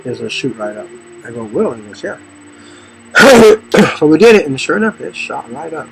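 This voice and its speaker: A man's voice: very animated, moderate pace, vocal fry, soft background music, low-quality recording. A middle-aged man from the Los Angeles area telling personal stories about faith in a rambling, storytelling way. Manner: storytelling, voices others with sudden high shouts.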